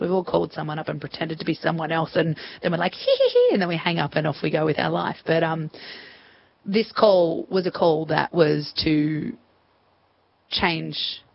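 A woman's voice: low voice, vocal fry, slightly rough, muffled recording. A woman in her thirties with an Australian accent, telling her story in an interview and acting out remembered conversations. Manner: chatty, acts out remembered dialogue. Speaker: interview guest.

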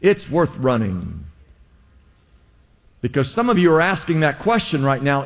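High-voiced impassioned preacher, long reverb. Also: male voice, big pitch swings, a little slow. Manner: impassioned preaching, repeated exhortations. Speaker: pastor. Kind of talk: sermon. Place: church in LA.

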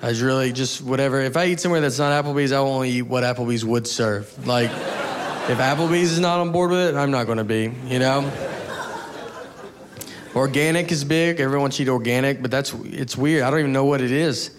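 A man's voice: mid-range voice, a little fast, noisy background. A man doing a rambling, offhand, self-mocking stand-up bit. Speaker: stand-up comedian.

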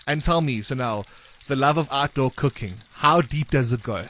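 A man hosting a radio breakfast show, running a quiz with energetic, playful banter. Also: medium pitch, normal speed, slight background noise. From South Africa.

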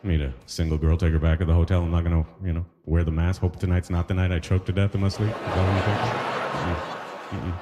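A Caribbean man with a Trinidadian accent performing an animated stand-up set, laughing at his own jokes and shouting punchlines. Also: deep voice, quick pace. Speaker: stand-up comedian. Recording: live room with long reverb.

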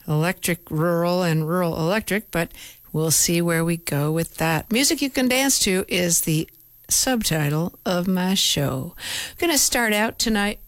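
A woman radio DJ introducing her show in a relaxed, chatty way from a station studio. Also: on the low side, no echo. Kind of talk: casual radio chat.

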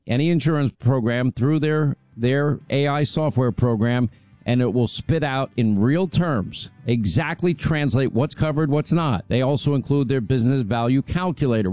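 A man's voice: mid-range voice, darkish tone. A man, the show's host, reading a sponsor ad in a loose, conversational way, with fillers and restarts. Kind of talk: conversational live-read ad.

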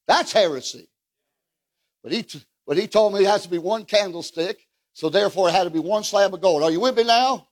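A man preaching a fiery revival sermon, asking the congregation questions, calling for amens and breaking into shouts. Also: high-pitched, fairly quick. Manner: fiery, rhetorical, calls for amens, bursts into shouts.

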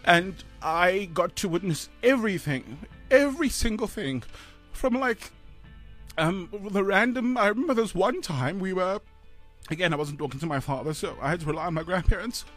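A man in his thirties with a South African accent, co-hosting a breakfast radio show, speaking haltingly with sighs, choked up and close to tears. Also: high voice, expressive, fairly bright tone, soft background music. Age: 30s. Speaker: radio co-host. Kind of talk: emotional radio chat.

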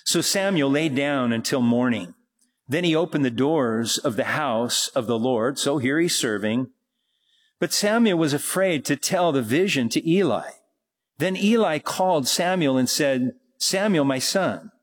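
Slow, earnest male preacher. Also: medium pitch, expressive. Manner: slow, earnest Bible teaching, rising to emphatic preaching. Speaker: pastor. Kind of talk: sermon.

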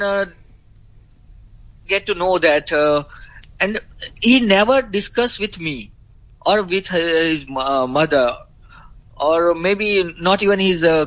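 A middle-aged man with an Indian accent, a grieving father answering interview questions in a halting way with many pauses. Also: on the high side, fairly bright tone, poor audio.

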